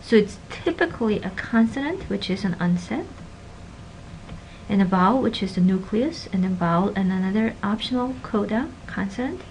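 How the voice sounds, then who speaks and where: A woman gives a linguistics lecture at a middle pitch, leaning hard on example words and then slipping into soft asides. Her voice has a faint hum of room noise behind it. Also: moderate pace, poor audio. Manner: animated teacher, stresses example words, drops to soft asides. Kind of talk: recorded classroom lecture.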